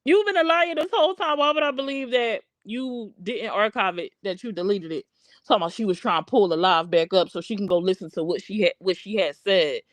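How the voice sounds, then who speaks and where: On a streaming microphone with no room sound, a livestream host runs an informal drama commentary, her mid-range voice moving a little fast. She talks with blunt animation, calling someone out and hammering her points through repetition.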